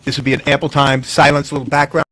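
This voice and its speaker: A man's voice: medium pitch, level tone, a bit bright. A man co-hosting a casual live talk show, telling stories and teasing his co-hosts. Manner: fast-talking, storytelling, teasing. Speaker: co-host.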